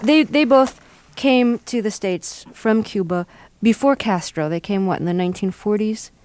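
A woman interviewing an author, asking measured, carefully phrased questions. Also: medium pitch, darkish tone, no room sound.

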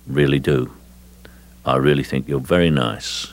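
A man putting on an icy Cockney gangster with a drawn-out, flat, emotionless delivery. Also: extremely low pitch, dry recording, pitched below the performer's own voice. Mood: icy friendliness. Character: cold flat-voiced male Cockney gangster.

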